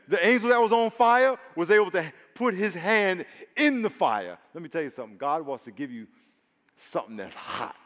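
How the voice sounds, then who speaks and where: Higher-voiced man preaching in a reverberant hall. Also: sing-song, normal speed. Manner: emphatic, swings from quiet storytelling to shouted exhortation; leads congregation call-and-response. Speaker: pastor. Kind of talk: sermon.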